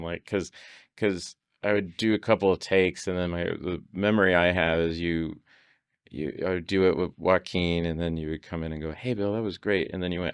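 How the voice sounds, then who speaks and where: Telling stories as a guest on a podcast, a man laughs a lot and imitates the voices of the people he quotes in casual conversation. He has a low-pitched, clean-toned voice, and there's no room sound.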